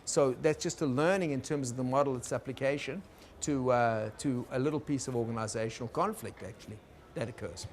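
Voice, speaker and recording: Gentle man giving a lecture. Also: medium pitch, brisk, slight background noise. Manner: gentle, explaining, checks in with listeners. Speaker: teacher on conflict work. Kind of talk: recorded lecture.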